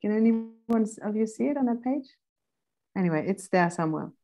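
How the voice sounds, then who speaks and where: A woman instructor giving a philosophy seminar lecture, thoughtful and pausing now and then to look up verse numbers. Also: medium pitch, animated. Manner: reads quoted passages slowly and deliberately.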